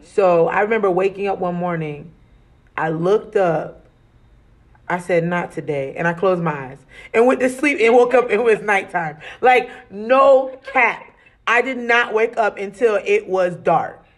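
A woman from Arizona in casual chat, telling an animated, slangy story and laughing often. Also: mid-range voice, measured pace.

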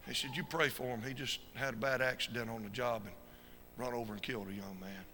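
A man preaching a fervent sermon as an evangelist, swinging from shouted peaks to quiet storytelling. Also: medium pitch, steady tone, fast talker. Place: church sanctuary. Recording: reverberant church hall with faint noise.

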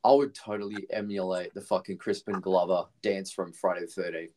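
Low-pitched and mellow, with a steady tone, this man talks fairly quickly as he co-hosts a podcast. He's relaxed, cursing a lot and restarting as he rambles on about a movie.

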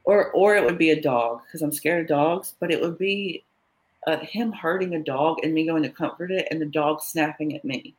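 A woman sharing her own story in an interview, candid and halting, with many fillers and quoted dialogue. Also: deep voice, rough recording. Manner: often quotes others in dialogue. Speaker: interview guest. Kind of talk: personal story in conversation.

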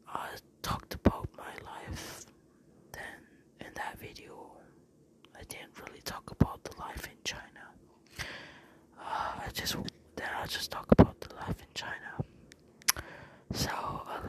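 Slow close-mic whispering young man. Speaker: podcast host. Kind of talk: whispered ASMR monologue. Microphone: earphone mic held very close.

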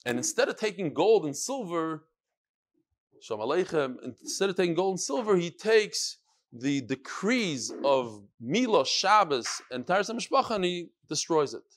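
A man teaching a Talmud class, telling the story with animated quotes and Hebrew and Aramaic terms. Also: on the high side, normal speed.

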